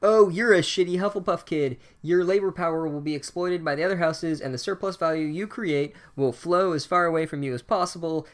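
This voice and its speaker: A snarky magic hat, put on by a man hands out gloomy verdicts in a mock-solemn, sarcastic tone. The voice sits a little high. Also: fairly quick, hardly any pauses, natural voice. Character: snarky singing magic hat sorting students.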